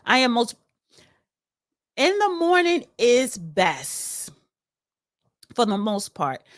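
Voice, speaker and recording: A woman's voice: on the high side, sing-song, takes it slowly, dry recording, studio quality. A woman hosting a casual solo commentary. She chats and reads news articles aloud, adding opinionated asides. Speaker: political commentary host.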